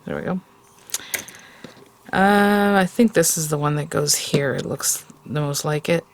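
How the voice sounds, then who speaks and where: A woman's voice: sits low, measured pace, slight background noise. A woman hosting a card-making tutorial, chatty and rambling, with many fillers and self-corrections. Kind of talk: casual crafting tutorial.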